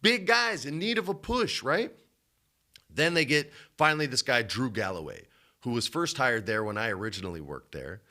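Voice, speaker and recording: Animated man telling a wrestling story. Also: moderate pace. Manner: animated storytelling, swings from loud to low. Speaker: podcast co-host. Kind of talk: casual chat.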